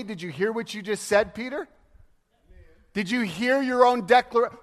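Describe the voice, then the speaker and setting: A male pastor preaching a sermon in a lively, storytelling way, laughing and acting out the people he quotes. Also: sits high, normal speed, long pauses. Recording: long hall reverb.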